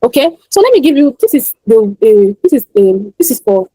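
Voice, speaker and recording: A woman's voice: a little high, sing-song, moderate pace, dark tone, slightly rough, no echo, rough recording. A Nigerian woman teaching an online class, emphatic and motivational, often repeating her key points.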